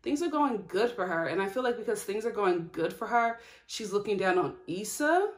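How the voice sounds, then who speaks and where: A young woman giving a casual, chatty TV episode review as a vlogger, laughing often and going off on animated asides. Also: medium pitch, moderate pace. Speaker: TV recap vlogger.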